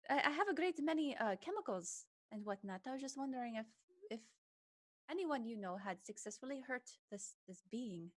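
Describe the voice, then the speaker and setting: A woman playing a tabletop game, speaking in character in a measured, formal way. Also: on the high side, animated, no echo, clean studio sound. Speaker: player.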